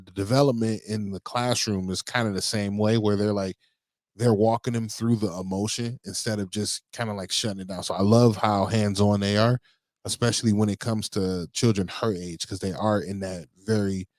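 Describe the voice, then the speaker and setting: A man co-hosting a podcast, telling parenting stories in a relaxed, rambling way full of fillers. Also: lowish voice, moderate pace, no echo. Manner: relaxed storytelling with many fillers. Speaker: podcast co-host. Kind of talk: casual chat.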